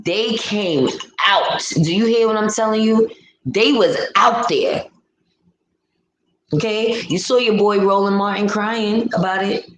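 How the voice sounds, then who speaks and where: A woman's voice: medium pitch, unhurried, roomy sound, slight background noise, low-quality recording. A woman hosting a casual livestream, ranting bluntly and reading out chat comments. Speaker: livestream host. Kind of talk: casual live-stream commentary.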